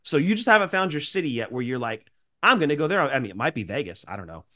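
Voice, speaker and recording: A man's voice: mid-range voice, big pitch swings, fast talker, pushed and bright. Nasal, sick-sounding man chatting. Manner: chatty, rambling, grateful. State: sick with a cold. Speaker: podcast co-host. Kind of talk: casual chat.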